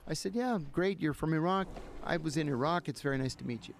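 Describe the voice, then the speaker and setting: This man's voice is on the high side and brisk, with slight background noise and music playing behind. As a podcast guest, he tells a story casually and animatedly, acting out the dialogue.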